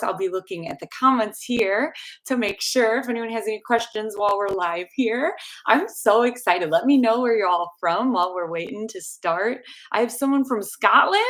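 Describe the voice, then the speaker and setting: A woman's voice: mid-range voice, a bit bright. A young woman from the Chicago area with a Chicago accent, chatting casually and rambling with restarts as she hosts a livestream Q&A. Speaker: dental hygiene channel host. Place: home room with space heater.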